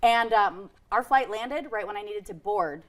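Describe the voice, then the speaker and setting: A woman's voice: medium pitch, a little slow. A young woman from Michigan co-hosting a TV morning show, telling a story in casual chat, laughing often and saying "like" a lot. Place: TV studio.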